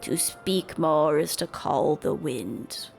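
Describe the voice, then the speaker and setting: A woman's voice: sits low, expressive, slow pace, gravelly, a little mellow, faint music behind, voice pushed down, heavily acted. A woman voicing a solemn birdlike tribal elder with broken, formal country-bumpkin speech.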